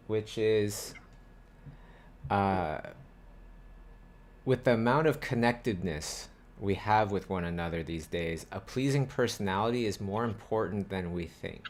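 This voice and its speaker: Male host, lower voice, loose rambling delivery in a casual group talk. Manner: rambling, thinks aloud with many fillers.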